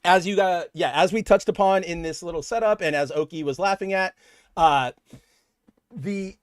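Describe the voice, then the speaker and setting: A man's voice: sits high, moderate pace, clear, resonant tone, no room sound, studio quality. A young man co-hosting a casual comic book podcast, talking in long rambling stretches and acting out characters' lines. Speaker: podcast co-host.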